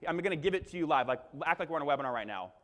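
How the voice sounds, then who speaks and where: A young man giving an energetic conference keynote, talking straight to the crowd and acting out his own presenting lines. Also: fairly high pitch, very fast. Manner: punchy, crowd-engaging, acts out webinar lines. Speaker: keynote speaker. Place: large conference hall. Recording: long hall reverb.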